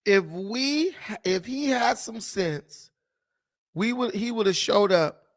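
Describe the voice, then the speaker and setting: A man's voice: sits high, expressive, takes it slowly. A man putting on a mocking impression of a slangy woman, with exaggerated, sneering mimicry.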